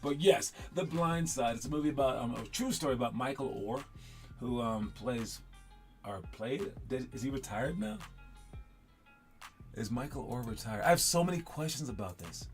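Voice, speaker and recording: Faint music sits under a male podcast host with a medium-pitched voice at normal speed. He stutters and repeats words, rambling through loose commentary and drifting away from his thoughts partway through.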